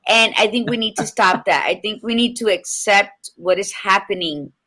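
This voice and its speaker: A woman co-hosting a podcast over a video call from a hotel room, telling stories in animated casual chat with the odd swear. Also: mid-range voice, moderate pace. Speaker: podcast co-host.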